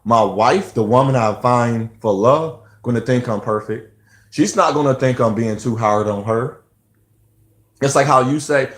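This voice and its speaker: A man's voice: medium pitch, reverberant. A man talking about parenting in a rambling, preachy monologue full of restarts. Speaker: vlogger. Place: outdoors near lawnmower noise.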